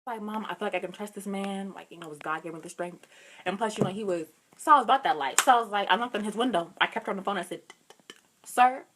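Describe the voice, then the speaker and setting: A young woman vlogger tells a personal story in a casual, chatty way. She acts out every quote with sudden jumps up in pitch. Faint background noise sits under her voice. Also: racing.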